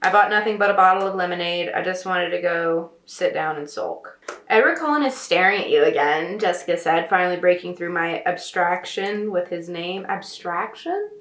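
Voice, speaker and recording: A woman's voice: fairly low pitch, moderate pace, fairly bright tone. A woman writer reading a novel aloud and breaking in with sarcastic, snarky commentary in casual talk. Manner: sarcastic, snarky asides between read passages. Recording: echoey room with faint noise.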